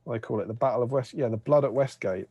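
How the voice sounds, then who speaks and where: A man's voice: mid-range voice, fast, warm tone, husky, no room sound. A man co-hosting a tabletop wargame stream over a video call, chatting casually and rambling with fillers. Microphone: remote video call.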